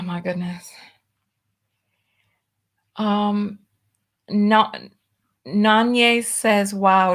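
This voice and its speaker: A woman hosting a live stream in a casual chat, reading comments aloud in a drawling, exclamatory way. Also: mid-range voice. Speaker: host.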